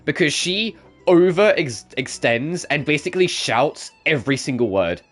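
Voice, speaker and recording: A man's voice: on the high side, animated, normal speed, fairly bright tone. Chatty, swearing male game streamer. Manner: chatty, swearing, laughing often. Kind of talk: casual gameplay commentary. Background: game music.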